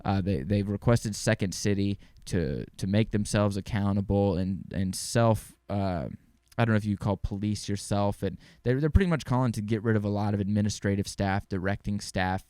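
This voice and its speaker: Young man, podcast host, rambling casual talk, swears a lot, lowish voice, dry close mic. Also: normal speed, darkish tone, no room sound. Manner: rambling, swears freely, laughs easily.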